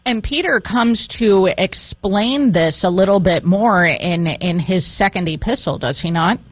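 A woman's voice: medium pitch, expressive, measured pace, no room sound, poor audio. A woman hosting a conversation about scripture, reading a passage aloud and asking curious questions in a casual way. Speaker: host.

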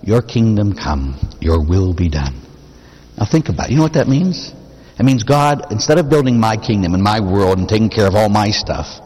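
A man's voice: fairly low pitch, a little mellow, husky. A man preaching a sermon as a Catholic priest, talking conversationally and posing rhetorical questions to the congregation. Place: church. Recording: long reverb of a church.

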